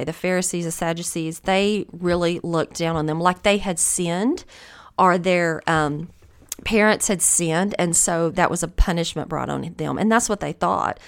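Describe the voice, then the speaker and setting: A woman host giving a conversational devotional Bible teaching, earnest and encouraging, often thinking aloud. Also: lowish voice.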